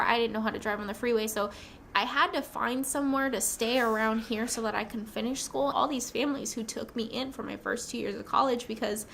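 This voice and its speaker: Young woman vlogging, rambly and excited, bit of fry in her voice, faint room hum. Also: fairly high pitch. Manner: rambling, excitable, says "like" often. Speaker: new nurse vlogger. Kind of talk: casual personal story to camera.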